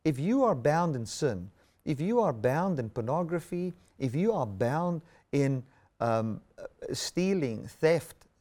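A man's voice: on the high side, sing-song, slow, a little mellow. A middle-aged man preaching a sermon, reading scripture aloud and then expounding on it earnestly, with lots of repetition.

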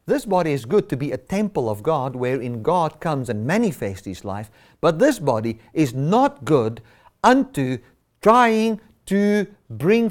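A man's voice: sits high, darkish tone. A man preaching a sermon, stressing and repeating key words.

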